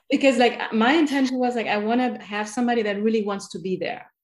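A woman's voice: a little high, normal speed. This is a woman with a German accent who hosts a podcast. She talks in a bubbly, easygoing way, stringing thoughts together with frequent fillers. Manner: bubbly, filler-heavy, lots of "like" and "right?". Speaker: podcast host. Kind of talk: casual conversational interview.

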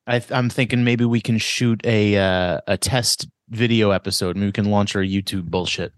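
A man with a fairly low voice, recorded dry and close. He co-hosts a casual podcast and talks haltingly, repeating words and trailing off mid-thought. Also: fairly even intonation, dry recording. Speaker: podcast co-host.

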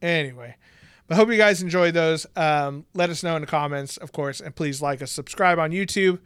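A man's voice: fairly high pitch, moderate pace, fairly bright tone, clean tone, dry recording, clean studio sound. A young man co-hosting a podcast in casual chat, laid-back and jokey, laughing often. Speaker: podcast co-host.

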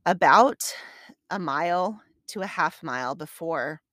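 A podcast host with a low, fairly bright voice and lively intonation takes her time telling a long personal story in a casual solo recap. She rambles conversationally, restarts a lot, and becomes emotional and tearful as she goes. Studio-quality sound with no room noise.

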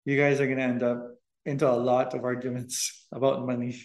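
A man's voice: medium pitch, little pitch movement, brisk, reverberant. A man co-hosting a podcast, talking earnestly about dating with frequent ums. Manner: earnest, hesitant with ums, laughs often. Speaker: podcast co-host, boyfriend of host. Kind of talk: casual relationship chat.

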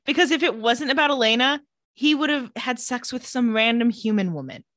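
A woman co-hosting a casual podcast, recapping a TV episode and acting out the characters' lines with shifting pitch and frequent laughter. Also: brisk, dry recording, studio quality. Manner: animated, acts out quotes with shifting pitch, laughs often. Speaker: podcast co-host recapping a TV show. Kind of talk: casual chat.

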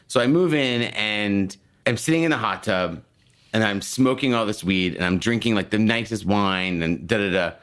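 A man's voice: on the low side, normal speed. A middle-aged man co-hosting a podcast, telling a long story in casual chat, acting out the people in it and swearing freely. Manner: animated storyteller who acts out voices, swears freely. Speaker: podcast co-host.

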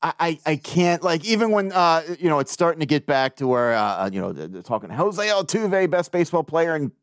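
Male podcast host, chatty storyteller, very expressive pitch, dry close mic. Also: a little fast, smooth, no room sound. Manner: animated, laughing, swearing, self-mocking storyteller. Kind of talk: casual chat.

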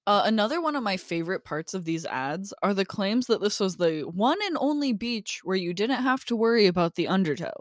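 A woman's voice: mid-range voice, lively intonation, brisk, hardly any pauses, dry recording, clean studio sound. A woman co-hosting a podcast in casual chat, upbeat, laughing often and reading from her notes. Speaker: podcast co-host.

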